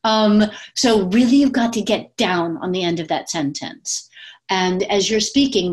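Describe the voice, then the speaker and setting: A woman speaking coach talking casually to her camera at home, with lots of fillers and quick demonstrations of different voices. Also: medium pitch. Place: at home with pets. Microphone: webcam.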